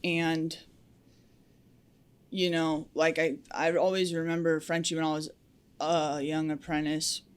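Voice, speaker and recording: A woman's voice: sits low, level tone, measured pace, pauses often, clean tone. A young adult woman who works as a lineman, talking candidly and outspokenly in a casual podcast interview, with frequent fillers. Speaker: powerline lineman guest.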